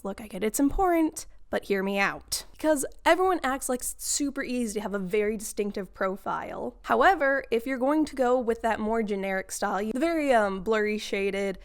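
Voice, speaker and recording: A woman vlogger giving a casual, sarcastic rant to her viewers and laughing often. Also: a little high. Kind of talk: casual ranting monologue.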